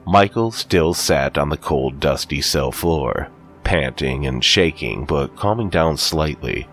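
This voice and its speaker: A man reads a scripted horror tale in a very deep, gravelly voice that moves with lively pitch. His delivery stays steady and deliberate. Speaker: narrator.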